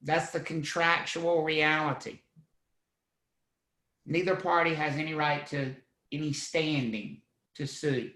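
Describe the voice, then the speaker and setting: Lively man teaching a class. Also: on the high side, slow, echoey room, rough recording. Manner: lively, asks the class questions, acts out scenes. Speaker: real estate instructor. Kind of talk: live online class lecture.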